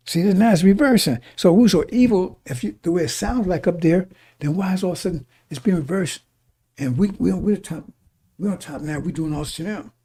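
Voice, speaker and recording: Male preacher, husky dark voice, reads verses and breaks them down casually. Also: fairly high pitch. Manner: reads verses then explains in casual speech, many restarts and "right?". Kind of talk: sermon, reading scripture with commentary.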